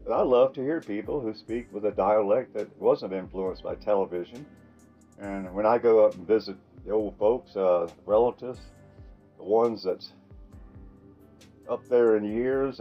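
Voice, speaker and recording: An older man from the American South with a Southern accent, talking in a folksy, musing way in a casual monologue to camera. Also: on the low side. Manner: folksy, musing, soft chuckles. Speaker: vlogger. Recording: muffled with soft music underneath.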